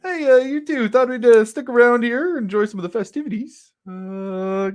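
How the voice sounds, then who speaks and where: A man's voice: extremely high pitch, moderate pace, clear, resonant tone, voice pushed up. A man voicing a hesitant, apologetic male townsman who stumbles over fillers. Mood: sheepish.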